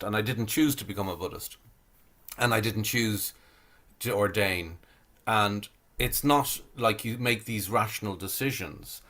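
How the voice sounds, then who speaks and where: A middle-aged Zen priest from Ireland speaking reflectively over a video call, with many fillers and restarts. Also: male voice, medium pitch, measured pace, sharp tone.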